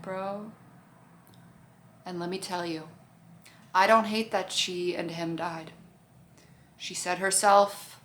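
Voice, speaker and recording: A TV show reviewer with a lowish, fairly bright voice chats casually to her camera about a show. She's profane throughout and acts out what the characters said.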